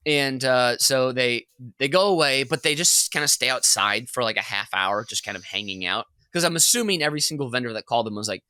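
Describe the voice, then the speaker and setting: A man co-hosting a comedy podcast, telling a long workplace story in an animated, rambling way and laughing as he goes. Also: medium pitch, a little fast, clear, resonant tone, dry recording. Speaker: podcast co-host.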